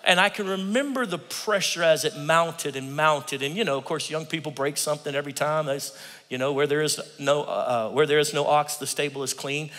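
Man in his fifties, preacher, bright forceful voice, lively laughing delivery, echoing church hall. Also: fairly high pitch, fairly quick. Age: 50s. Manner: animated storyteller who laughs often. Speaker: guest preacher. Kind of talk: humorous sermon. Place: church sanctuary. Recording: long reverb of a large hall.

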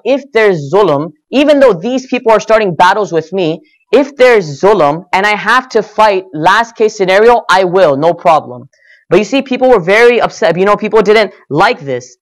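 A man giving a sermon, telling stories earnestly and voicing the quoted lines with rising and falling emphasis. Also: high voice. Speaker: speaker at a religious gathering. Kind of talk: sermon storytelling.

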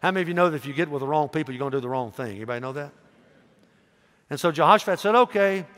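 A male pastor preaching a sermon, telling a story with animated voices and calling out questions to the congregation. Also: on the high side, very fast. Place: church. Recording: echoey church hall reverb.

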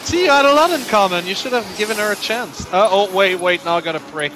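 A man playing a video game, bantering casually, reacting loudly to the action and laughing a lot. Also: high voice, lively intonation, fast, background noise. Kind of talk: casual let's-play banter. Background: game music.

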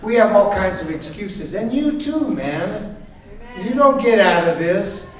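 A male pastor preaches in a playful, storytelling way, acting out scenes. His voice sits high and moves slowly. He is heard from far off in a very echoey church. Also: expressive. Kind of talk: sermon.

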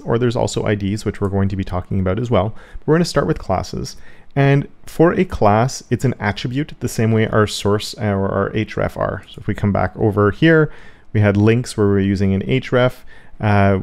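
Low, gravelly man teaching code. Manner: relaxed, explains step by step with small self-corrections. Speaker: web development instructor. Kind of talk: screen-share coding tutorial.

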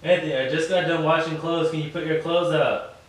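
A man's voice: on the high side, fairly even intonation, a little fast. A man vlogging at home, nagging and exasperated, repeating himself over and over. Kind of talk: casual prank video talk. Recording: echoey room, mic far off, faint noise.

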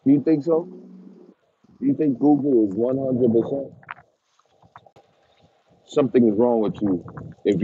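A man's voice: mid-range voice, mellow, husky. A man who breeds dogs, ranting at his viewers in a taunting, repetitive, mocking way with chuckles. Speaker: dog breeder. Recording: dull lo-fi recording.

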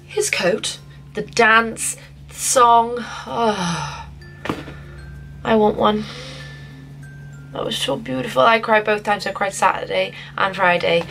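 A young woman vlogging a casual film review, gushing and excitable, often restarting her sentences. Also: mid-range voice, rough recording. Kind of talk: casual spoiler review to camera.

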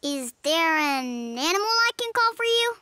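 A woman's voice: extremely high pitch, big pitch swings, normal speed, heavily acted. A woman voicing an eager, cheerful young mermaid girl in a cartoon, with music playing behind. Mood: playful. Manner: bright and eager, sing-song. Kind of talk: cartoon voice acting.

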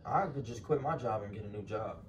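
A man's voice: fairly low pitch, a little fast. A young man in a casual argument at home, talking in a teasing, slangy, laid-back way. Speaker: prankster vlogger. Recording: roomy, distant and noisy.

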